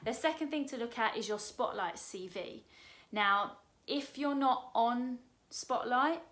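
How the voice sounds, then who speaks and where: A woman's voice: on the high side, unhurried, fairly bright tone. A woman in her thirties with an Essex accent, giving casual career advice from her sofa in a direct, chatty way. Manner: chatty, direct, asks the viewer questions. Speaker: performer sharing career advice. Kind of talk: casual advice chat to camera. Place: home sofa.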